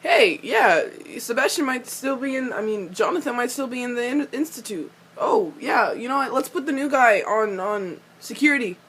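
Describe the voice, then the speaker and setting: At a moderate pace with hardly any pauses and a breathy edge, a young woman delivers a casual fan recap of a TV episode. She's excitable and swears freely, gushing over the characters and ranting at them, laughing often and squealing high in excitement.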